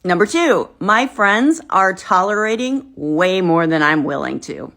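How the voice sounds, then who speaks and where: A woman's voice: medium pitch, animated, a little slow, fairly bright tone. A woman speaking a pointed, confiding social media monologue.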